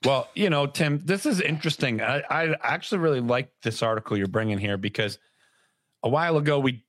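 A man's voice: medium pitch, brisk, a bit bright, no echo, studio quality. A man co-hosting a podcast in casual chat, rambling and sarcastic. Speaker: podcast co-host.

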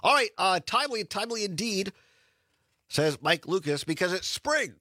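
A male radio talk show host with a lively, bouncing delivery, laughing easily between lines. His voice is bright and a little husky, recorded dry and close in a studio. He chats casually. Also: high voice, normal speed, dry recording. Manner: laughs often, chatty and animated. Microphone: studio microphone.

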